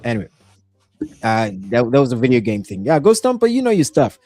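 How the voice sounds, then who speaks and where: A man's voice: medium pitch, big pitch swings, a little fast, a little mellow, no room sound. A man hosting a casual podcast, talking hesitantly with many fillers and reading out viewer comments. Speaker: podcast host. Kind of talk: casual chat.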